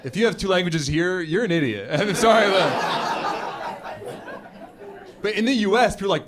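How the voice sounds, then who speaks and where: An American man performing stand-up comedy, animated and acting out other people's voices. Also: high-pitched, normal speed, long pauses, background noise. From United States. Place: comedy club stage before a live audience.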